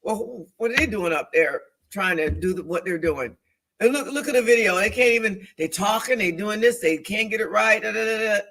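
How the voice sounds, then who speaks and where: A woman co-hosting a church talk show, speaking in an animated, emphatic, preaching-like way, repeating phrases for emphasis and acting out inner voices. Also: medium pitch, fairly quick. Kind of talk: faith discussion, preaching-like.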